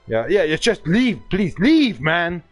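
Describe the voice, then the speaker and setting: A man's voice: high-pitched, big pitch swings, slow, no echo, soft background music. A man from Bavaria with a German accent, ranting profanely and hurling insults at another player during a gaming livestream. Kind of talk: angry livestream rant.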